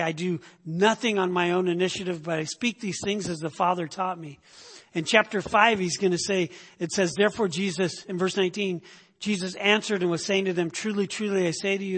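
A man's voice: sits high, a bit bright, slightly rough, in a large hall. A man preaching a sermon in a teaching tone, often checking in with his listeners with "okay?" and "right?".

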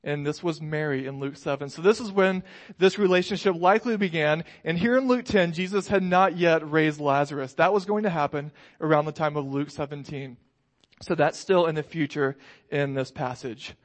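A man preaching a sermon in a relaxed, conversational way, telling stories with light humor. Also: on the high side, normal speed. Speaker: pastor.

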